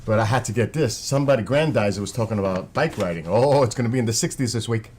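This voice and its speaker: A man's voice: fairly low pitch, fast talker, a little mellow, slight background noise. A man with a New York accent, chatting casually and rambling to his viewers on a live stream.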